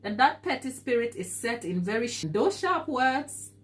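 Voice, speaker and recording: A woman's voice: a little high, very animated, normal speed. A woman hosting a live baking stream, talking earnestly and encouragingly as she answers viewer comments, laughing easily. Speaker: baking show host.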